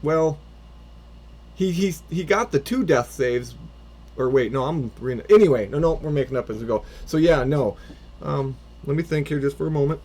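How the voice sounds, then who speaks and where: A man's voice: a little high, moderate pace, darkish tone. A man running a tabletop game as a first-time dungeon master, improvising and narrating with lots of swearing and restarts. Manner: rambling, swearing, frequent restarts.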